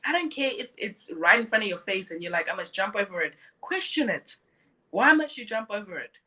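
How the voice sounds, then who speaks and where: A woman's voice: mid-range voice, big pitch swings, brisk, sharp tone, rough recording. A woman in her thirties hosting a live stream, blunt and mocking as she talks and mimics others. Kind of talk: opinionated live stream monologue.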